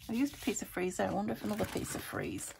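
In a noisy setting, a woman from the United Kingdom talks rapid-fire to herself and her crafting materials as she builds a junk journal. Her mid-range voice is creaky and very animated, and the talk is casual commentary on her crafting.

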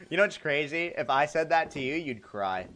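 A man's voice: fairly high pitch, animated, moderate pace, fairly bright tone, slight background noise. A young man live-streaming a game, playfully sarcastic as he reads and answers chat comments.

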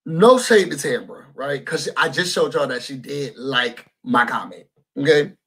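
A man hosting a casual recap of a reality show, talking to viewers in a sassy, animated, chatty way and calling them y'all. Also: medium pitch, unhurried, husky. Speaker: YouTube host reviewing a reality show.

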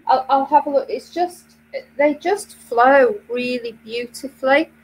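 A woman's voice: sits high, measured pace, slight background noise, rough recording. A British woman co-hosting a knitting web show, chatting casually with many fillers and restarts. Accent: British English. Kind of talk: casual chat.

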